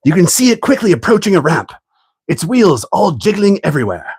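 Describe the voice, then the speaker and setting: A man doing a hushed nature documentary narrator. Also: high-pitched, big pitch swings, brisk, breathy edge, voice pushed up, exaggerated voice. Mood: mock-solemn. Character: hushed older male wildlife documentary narrator.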